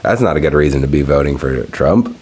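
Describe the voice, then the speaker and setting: A man with a low, deep voice hosts a casual solo podcast. He swears freely and rambles through stories while smoking. A faint hiss of noise sits under the recording. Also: lively intonation, a little fast, a little mellow. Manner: loose, profane, storytelling with laughs.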